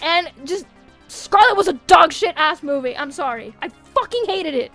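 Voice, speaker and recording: A woman's voice: extremely high pitch, animated, moderate pace, a bit bright, faint music behind. A woman streamer in casual livestream chat, ranting animatedly with lots of swearing and frequent laughter. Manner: laughs often. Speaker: VTuber streamer.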